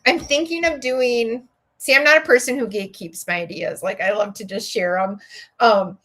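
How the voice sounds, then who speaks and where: A middle-aged woman from Minnesota, USA, with a Minnesota accent, hosts a livestream from home, chatting with viewers in a rambling way and laughing often while building. A livestream host and educator, she has a fairly high, fairly bright voice with fairly even intonation at normal speed.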